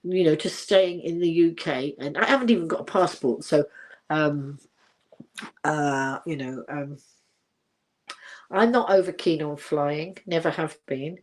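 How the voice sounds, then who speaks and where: An older woman talks casually to her livestream viewers, pitched a little low. She rambles, restarts her sentences and reads out comments as they come in. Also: unhurried, long pauses, darkish tone. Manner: rambling and chatty, many fillers and restarts. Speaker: livestream host.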